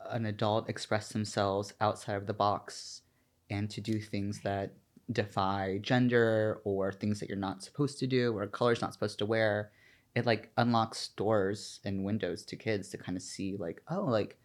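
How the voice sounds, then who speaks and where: A man from the American South, a drag performer and a guest in a casual interview, who talks in an animated, chatty way with plenty of "like" fillers. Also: lowish voice, measured pace. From Southern United States.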